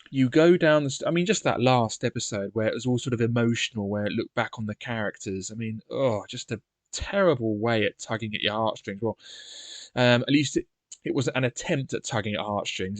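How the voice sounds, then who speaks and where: A man's voice: mid-range voice, normal speed, no room sound. A man reading a gamebook aloud and chatting with wry asides and frequent ums. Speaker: let's play host.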